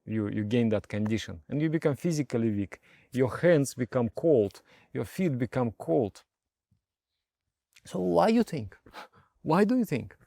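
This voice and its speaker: A male meditation teacher explains his lesson in a lively, storytelling manner. His voice is gravelly, it rises and falls a lot, and it sounds dry and close to the mic. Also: mid-range voice, unhurried, no echo. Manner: animated, storytelling, with rhetorical questions.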